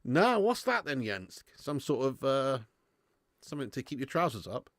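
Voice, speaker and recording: A man's voice: mid-range voice, moderate pace, dry recording, studio quality. A man hosting a live football watch-along, bantering with chat and swearing freely. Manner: animated banter with swearing, reads and answers chat.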